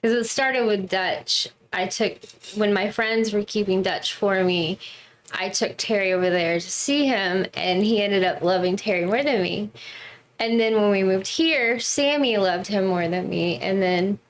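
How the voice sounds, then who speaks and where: A woman's voice: medium pitch, measured pace, low-quality recording. A woman in her forties co-hosting a podcast, bubbly and laughing often as she tells stories with animation. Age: 40s. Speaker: podcast co-host. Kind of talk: casual chat.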